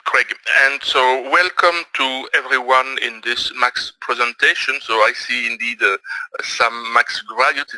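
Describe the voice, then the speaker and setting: A middle-aged man from Belgium with a Belgian French accent, giving a webinar presentation and pausing often on fillers. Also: medium pitch, sharp tone, dry recording, rough recording. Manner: hesitant, many fillers. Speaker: trading presenter.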